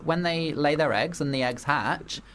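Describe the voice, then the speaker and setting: A man's voice: on the high side, moderate pace, fairly bright tone, slight background noise. A man hosting a radio show, chatting casually with lots of fillers and restarts. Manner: chatty, rambling, filler-heavy. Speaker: radio host.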